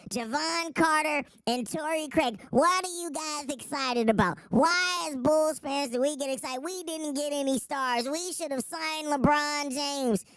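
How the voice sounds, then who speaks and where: A high, squeaky, nasal sports fan who whines and sulks over everything his team failed to do. The voice sits far above a normal man's and sounds strained and thin. It comes across close and dry. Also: a little slow, few pauses, fairly bright tone, no room sound. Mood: whiny. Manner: whining, nasal, self-pitying. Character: whiny complaining male sports fan.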